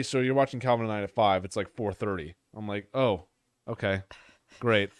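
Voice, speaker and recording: A man's voice: lowish voice, steady tone, a little fast, clean tone, no room sound. A young adult man co-hosting a casual podcast chat, answering with wry short reactions and telling his own stories in a dry way. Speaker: podcast co-host.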